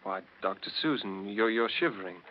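A young actor playing an earnest young college graduate and fiancé in a 1940s radio drama, speaking mildly and hesitantly. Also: male voice, on the low side, normal speed, lightly acted. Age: young adult. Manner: mild, hesitant. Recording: dull old radio recording.

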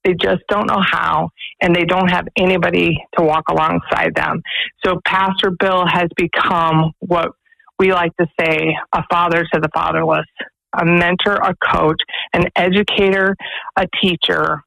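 A woman's voice: lowish voice, a little slow, creaky, no room sound, poor audio. Earnest woman telling stories on radio. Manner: earnest, animated storyteller. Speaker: executive director of a pregnancy resource center. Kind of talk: radio interview guest, storytelling.

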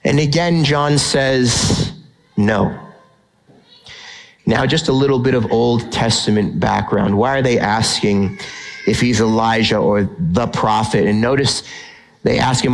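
A man's voice: mid-range voice, unhurried, poor audio. A middle-aged man preaching a sermon, who acts out the quoted lines of the people he reads about. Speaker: pastor.

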